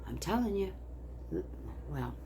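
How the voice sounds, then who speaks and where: A woman's voice: fairly low pitch, very animated, slow, warm tone, slight background noise. An older woman vlogger telling a story angrily, in a heated, profane rant. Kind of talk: angry personal storytelling.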